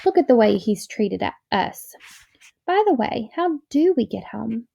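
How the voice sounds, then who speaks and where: A woman voicing a curious, excitable young boy in a storybook reading. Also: on the high side, measured pace, vocal fry, highs cut off, background noise, full character voice. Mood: matter-of-fact. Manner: eager, exclaiming, a little dreamy.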